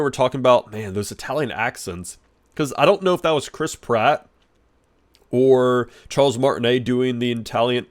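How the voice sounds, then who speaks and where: A man giving an excitable, rambling movie review, full of restarts and fillers. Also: mid-range voice. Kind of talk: casual spoken review.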